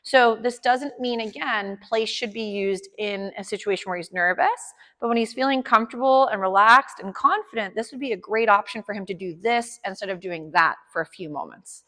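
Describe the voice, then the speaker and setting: A woman's voice: mid-range voice, normal speed, few pauses, a bit bright, big-room sound. A woman dog trainer explaining a session to her clients, upbeat, chatty and encouraging.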